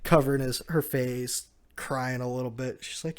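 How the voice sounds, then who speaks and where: A man's voice: mid-range voice, normal speed, clear, resonant tone. Guy going over a comic chapter, acting out bits, laughs here and there. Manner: animated retelling, chuckles often. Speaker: manga chapter reviewer. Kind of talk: casual recap with acted-out quotes.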